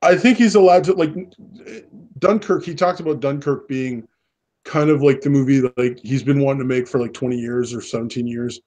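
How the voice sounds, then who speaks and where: A man's voice: medium pitch, brisk, a little mellow. A Canadian man co-hosting a casual podcast chat, rambling and acting out quoted dialogue. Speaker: podcast co-host.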